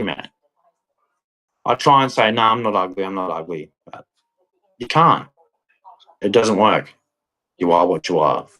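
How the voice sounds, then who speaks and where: A man's voice: on the low side, fairly bright tone, rough recording. A man ranting bitterly to camera, repeating "man" and "right" as he vents. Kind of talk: angry monologue to camera.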